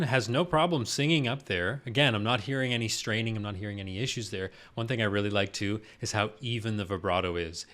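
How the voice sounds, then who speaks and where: A man's voice: fairly low pitch, fairly bright tone. A man working as a vocal coach, giving casual reaction commentary and analytically explaining singing technique with bursts of enthusiasm.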